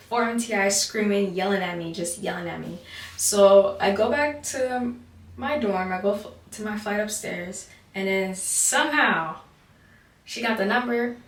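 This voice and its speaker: A young woman telling a casual storytime, chatty and full of "like", talking through her teeth with an overbite. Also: medium pitch. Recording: roomy, distant mic.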